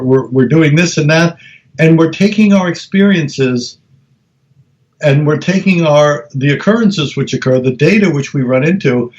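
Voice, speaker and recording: A middle-aged man tells stories in an interview, and he sits a little high in pitch. He restarts his sentences often and speeds up as he goes. The recording is slightly dull and lo-fi. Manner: animated storyteller, many restarts, acts out quoted voices. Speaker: guest researcher. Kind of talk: conversational interview.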